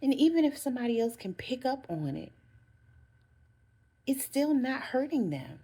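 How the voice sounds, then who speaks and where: A woman's voice: sits high, sing-song, moderate pace, mellow, slightly rough. A woman talking straight to her viewers, giving earnest self-care advice and repeating phrases for emphasis. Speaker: vlogger. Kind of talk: casual motivational talk to camera.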